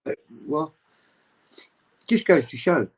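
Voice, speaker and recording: Rambling, animated man on a video call. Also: fairly high pitch, takes it slowly, poor audio. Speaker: guest on a livestream. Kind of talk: casual chat.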